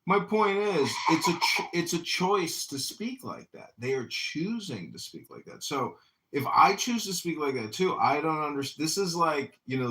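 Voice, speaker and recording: A man speaking as a guest in an audio chat room, making an opinionated argument in quick bursts. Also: medium pitch, fairly bright tone, poor audio.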